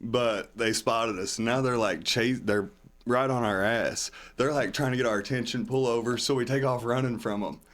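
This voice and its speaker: A man with a medium-pitched, fairly bright voice talks at a normal speed in a steady tone. As a podcast guest, he rambles through a long story casually, acting out what others said in a raised voice.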